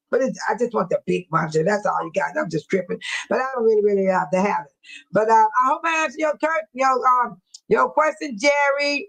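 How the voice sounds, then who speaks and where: On a casual livestream, a middle-aged host from around Dolton, Illinois reads viewer comments aloud and playfully teases people by name. Her fairly bright voice is on the high side. The audio is poor.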